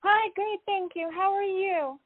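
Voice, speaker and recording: A woman's voice: very high-pitched, steady tone, measured pace, no echo. A woman caller from New York with a sweet, polite manner, asking a question on a radio show. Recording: tinny phone line.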